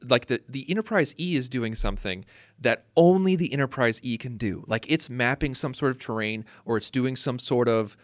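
A man's voice: medium pitch, no echo. Rambling man thinking aloud, dry sound. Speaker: podcast co-host. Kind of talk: casual brainstorming chat.

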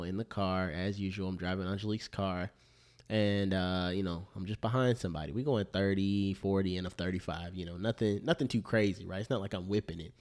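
A man co-hosting a podcast, telling stories in slangy, animated casual chat. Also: on the low side. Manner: slangy, animated storyteller, repeats "bro". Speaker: podcast co-host.

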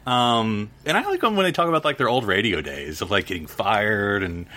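A man's voice: fairly low pitch, animated, a little fast, bright, forceful tone. A man co-hosting a podcast, chatting casually and rambling with lots of fillers. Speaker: podcast co-host. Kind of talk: casual chat.

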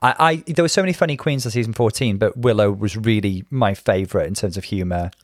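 A man, co-hosting a casual reaction chat with campy, excitable commentary. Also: fairly low pitch, fast, no room sound, clean studio sound. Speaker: podcast co-host.

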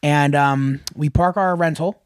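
High-voiced man telling a story. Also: measured pace, clear, resonant tone, no echo, clean studio sound. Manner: animated storyteller, acts out quotes, laughs often. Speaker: podcast co-host. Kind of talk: casual storytelling chat.

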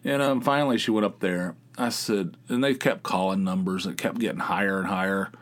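A man's voice: low voice, fairly even intonation, a little fast. A man hosting his own podcast, telling rambling everyday stories in a casual, meandering way, with plenty of filler words and casual swearing. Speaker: podcast host.

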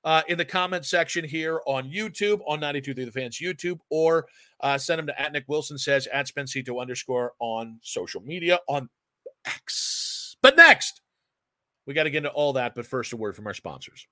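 A man's voice: mid-range voice, fairly quick, fairly bright tone, dry recording, studio quality. A man co-hosting a sports talk show, ranting with fiery sarcasm. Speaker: sports radio co-host.

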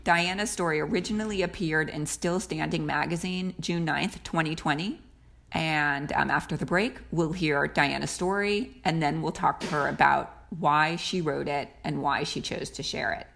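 A woman co-host introduces a podcast episode in a thoughtful, earnest manner. Her voice sits very low and has a gravelly fry, and she pauses often as she gathers her words. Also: a bit bright.

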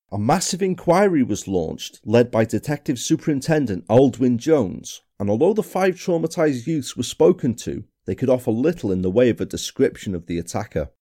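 A man hosting a podcast, telling a true-crime story in a measured, somber way. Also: lowish voice, mellow. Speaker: podcast host. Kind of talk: scripted true-crime narration.

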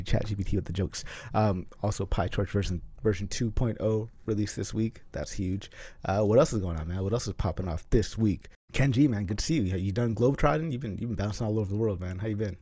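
A man's voice: on the low side, fairly quick, warm tone, husky, no echo. A man hosting a casual online group chat, laid-back and peppering his talk with "man". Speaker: host.

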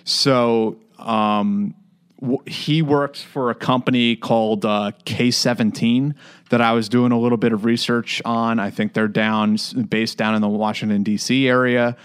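A man's voice: mid-range voice, fairly even intonation, a little slow, smooth. A man from the United States talking through a story in casual podcast chat, with frequent fillers and restarts. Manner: conversational, many fillers and restarts.

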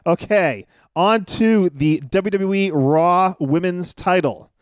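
Man, somewhat high voice, smooth, dry close sound, brisk casual podcast talk. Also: no room sound. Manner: brisk, keeps the talk moving, laughs often. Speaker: wrestling podcast co-host. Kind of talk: casual chat.

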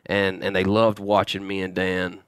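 A man talking as a podcast guest, halting and restarting often as he tells a story. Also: deep voice, monotone, clear, resonant tone, no echo, studio quality. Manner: halting, many restarts and repeated words. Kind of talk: casual storytelling in a podcast interview.

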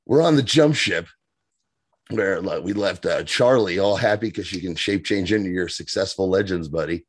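A man's voice: deep voice, moderate pace, no echo, studio quality. A man co-hosting a podcast, chatting enthusiastically and often breaking off and restarting his sentences. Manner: enthusiastic, self-interrupting. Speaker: podcast co-host. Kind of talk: casual chat.

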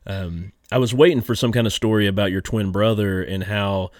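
A man's voice: lowish voice, fairly even intonation, moderate pace, no echo, clean studio sound. A man hosting a podcast, telling stories in a laid-back way and laughing often. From Kentucky. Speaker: podcast host. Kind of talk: casual podcast chat.

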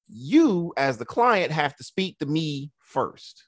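A male therapist in a casual podcast chat, his pitch rising and falling a lot as he tells stories. He slips into a higher voice to act out what people said to him. The sound is dry and close, with little room echo. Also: slow, few pauses. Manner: relaxed storyteller, acts out quotes in a raised voice.

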